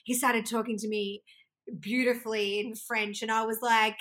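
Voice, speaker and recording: A woman's voice: fairly high pitch, flat delivery, normal speed, a bit bright. A woman, a wedding singer, chatting casually and giggling in a podcast interview. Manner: chatty and giggly, with frequent restarts.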